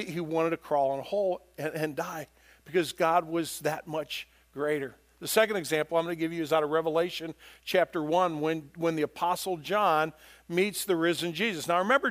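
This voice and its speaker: A man with a high voice preaches a sermon to his congregation. He speaks earnestly and grows more forceful when he reads scripture aloud. He often repeats words as he gathers his thoughts. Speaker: pastor.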